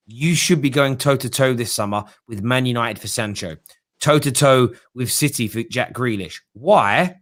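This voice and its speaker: A man's voice: medium pitch, fairly bright tone. A young man hosting a football fan show, chatting casually with callers and mocking others in whiny put-on voices.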